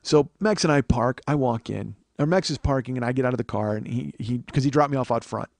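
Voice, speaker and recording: A man in his forties hosting a comedy podcast, telling stories in an animated, profane, ranting way. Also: medium pitch, a little fast, gravelly, no room sound. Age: 40s. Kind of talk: comic storytelling monologue.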